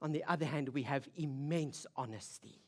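A woman preacher giving a sermon, telling the story vividly with rhetorical questions and swinging between loud emphasis and hushed intensity. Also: low-pitched, moderate pace.

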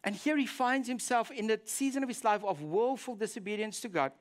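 Animated man preaching a sermon. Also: high-pitched, a little fast. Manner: animated storytelling, acts out quoted prayers. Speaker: pastor.

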